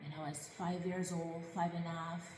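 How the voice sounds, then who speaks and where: A woman's voice: on the low side, little pitch movement, moderate pace, a little mellow, reverberant, in a large hall, a little hiss or hum, poor audio. A woman earnestly recounting her own life story, reflective and emotional. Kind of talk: personal life story narration.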